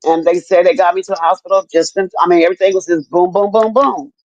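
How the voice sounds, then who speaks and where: A woman's voice: on the low side, steady tone, quick pace, darkish tone, lo-fi sound. An older woman and grandmother speaking candidly in a casual chat, often repeating herself and cursing freely. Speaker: stroke survivor sharing her story.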